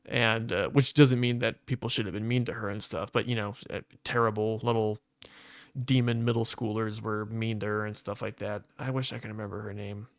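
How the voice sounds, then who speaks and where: A man's voice: lowish voice, flat delivery, a little fast, dry recording. Rambling young man, dry close sound. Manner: rambling storyteller with many fillers. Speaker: podcast co-host. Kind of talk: casual chat.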